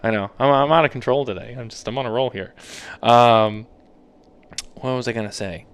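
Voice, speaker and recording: Smooth-voiced man co-hosting a casual chat. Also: mid-range voice, normal speed. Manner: rambling, laughs often, mimics others in quotes. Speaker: podcast co-host.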